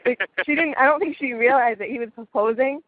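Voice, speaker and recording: A woman's voice: high-pitched, fast talker. A woman telling a story in casual chat, blunt and laughing often. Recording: tinny phone-like line.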